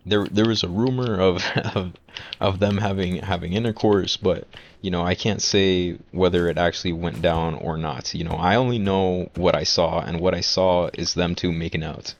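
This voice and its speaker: Young man, deep voice, casual rambling storytelling, light background noise. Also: steady tone, normal speed, creaky, dull audio. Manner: rambling, many restarts and fillers. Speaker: vlogger.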